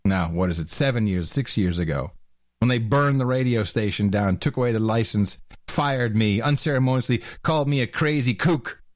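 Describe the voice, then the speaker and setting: A man with an average-pitched voice chats on a casual podcast. He talks in halting bursts with many fillers. The sound is dry and close, with no room. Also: no room sound. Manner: halting, with many uhs and laughs. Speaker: podcast co-host. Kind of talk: casual banter.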